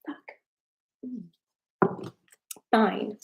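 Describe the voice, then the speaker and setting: A young woman chats on a live stream, open and emotional, with tears close to the surface. She swears freely and laughs between thoughts. Her voice sits at an ordinary middle pitch for a woman. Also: moderate pace, darkish tone. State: tearful. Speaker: tarot reader and coach hosting a live stream. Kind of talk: casual live-stream chat with viewers.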